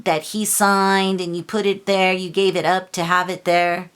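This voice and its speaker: Woman, tarot reader, lowish voice, impassioned and scolding monologue. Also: little pitch movement, a little slow, hardly any pauses, fairly bright tone, clean tone. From Los Angeles. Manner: impassioned, scolding, lots of filler and restarts.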